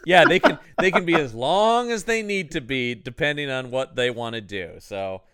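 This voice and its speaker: A man's voice: medium pitch, expressive, moderate pace, bright, forceful tone, smooth. A man co-hosting a podcast, chatting casually about a movie, laughing often and quoting lines in mock voices. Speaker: podcast co-host. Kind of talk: casual movie-review chat.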